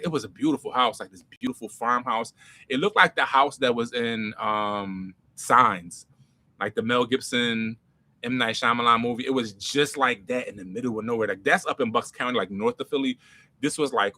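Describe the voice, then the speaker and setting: Bright-voiced man telling stories. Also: mid-range voice. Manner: animated, slangy, swings loud and soft. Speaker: comedy writer and creator. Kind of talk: casual storytelling Q&A.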